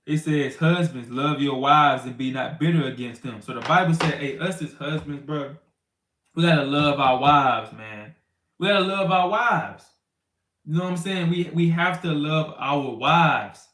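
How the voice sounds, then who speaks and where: A man's voice: a little high, reverberant. Man casual street-talking Bible teacher. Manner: conversational, loose street talk with many "you know what I'm saying"; acts out quarrels in raised, shouting voices. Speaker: teacher of a congregation.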